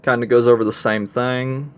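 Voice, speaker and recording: A man's voice: medium pitch, little pitch movement, moderate pace. A man casually reviewing a comic book, rambling with many fillers and restarts as he reads through it aloud.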